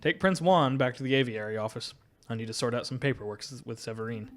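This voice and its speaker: A man's voice: medium pitch, fast talker, natural voice. A man voicing a world-weary male falcon lawyer in a game, speaking in a dry, wry way. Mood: businesslike.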